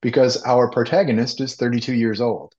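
A man from the US Midwest, an author guest, speaking in a measured, reflective way with small restarts. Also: mid-range voice, steady tone, a little mellow. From Ohio, US Midwest. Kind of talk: interview conversation. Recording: dull, slightly lo-fi sound.

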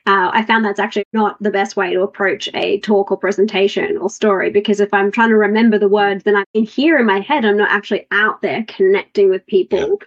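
A woman's voice: mid-range voice, steady tone, brisk, hardly any pauses. Chatty female podcast host, slightly lo-fi. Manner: chatty, self-correcting, personal stories. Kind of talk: casual chat. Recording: slightly dull, lo-fi sound.

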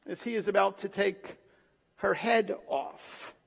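A man preaching a sermon in a church, dramatic, pausing for effect and acting out the quotes he gives. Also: high voice, gravelly, slightly rough. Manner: dramatic, with pauses and acted quotes. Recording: long reverb of a large hall.

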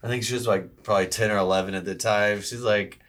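A man in casual conversation, telling a story in an animated way and putting on the voices of people in it. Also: fairly low pitch, fast talker. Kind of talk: casual chat.

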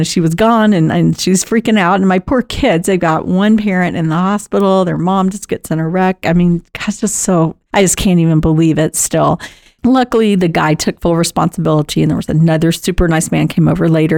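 Woman, middle-aged, low gravelly voice; chatty podcast host, dry close sound. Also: a little mellow, no echo. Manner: chatty storytelling with frequent laughs and restarts. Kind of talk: casual personal monologue.

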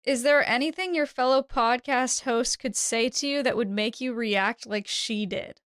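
Young woman co-host, higher voice, dry close sound, blunt teasing delivery. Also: normal speed, fairly bright tone, clear, resonant tone, no room sound. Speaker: podcast co-host. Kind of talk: casual chat.

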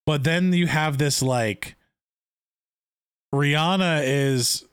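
Excitable man recapping a TV episode. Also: fairly high pitch, slow, clean tone. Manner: excited, rambling with restarts. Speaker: podcast co-host. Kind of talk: casual recap chat.

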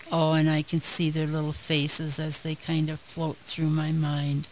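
Give me an older woman saying a slow, tender spoken prayer. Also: low-pitched, monotone, a little mellow, slight background noise, low-quality recording. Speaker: guest leading prayer.

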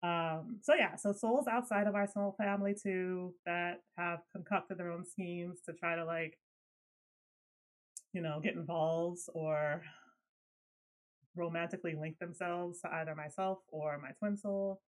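Woman co-host, casual podcast chat, lively and swears freely. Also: on the low side, unhurried, poor audio. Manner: animated, laughs often, swears when riled.

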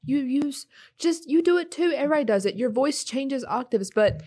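A woman's voice: high voice, expressive, moderate pace, mellow. A woman in her early twenties with a South Carolina accent, co-hosting a podcast in easygoing casual chat. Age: early 20s. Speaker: podcast co-host.

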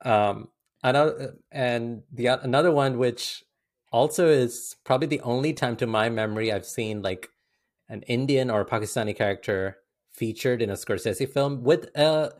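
A man co-hosting a film podcast in loose, casual talk. He restarts his sentences often and fills pauses with ums and uhs. His pitch sits in a mid range. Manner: halting, many fillers and restarts. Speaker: podcast co-host.

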